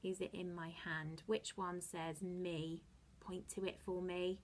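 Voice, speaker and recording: A woman teaching a phonics lesson to young children, encouraging them with slow, sing-song explanations and soft asides. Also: lowish voice, steady tone. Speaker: early-years teacher.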